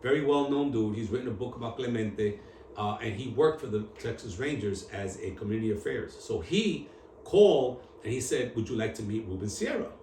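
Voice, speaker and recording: A man telling his story on camera in an interview, in animated street slang with Spanish mixed in. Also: mid-range voice, fairly quick, distant mic. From New York. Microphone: camera at a distance. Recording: echoey room, voice from off-mic, faint hum.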